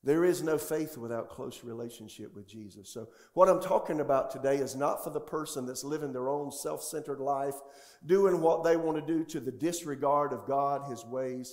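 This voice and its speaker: A man's voice: mid-range voice, moderate pace, a little mellow. A male pastor preaching a sermon in a church sanctuary, often putting questions to the congregation. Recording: echoey church room.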